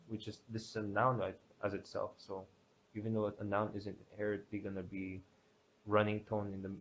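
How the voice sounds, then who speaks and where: A man teaching a grammar lesson, explaining step by step with many pauses and restarts. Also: lowish voice. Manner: hesitant, many fillers and restarts. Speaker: language teacher. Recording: dull lo-fi sound with faint background hiss.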